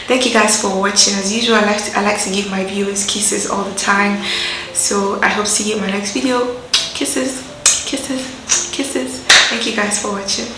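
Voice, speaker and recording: A young woman with a Nigerian accent telling a personal story to her viewers in a lively, chatty way, acting out the voices she quotes. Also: medium pitch, fairly quick, reverberant, background noise. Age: young adult. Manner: animated, acts out quoted voices, laughs often. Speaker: vlogger. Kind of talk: casual storytelling to camera.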